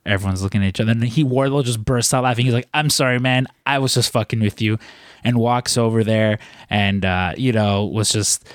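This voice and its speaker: A young man hosts a podcast, rambling through a story with plenty of fillers, false starts and casual swearing. His fairly low voice has fairly even intonation and runs a little fast, in studio-quality audio with no room sound.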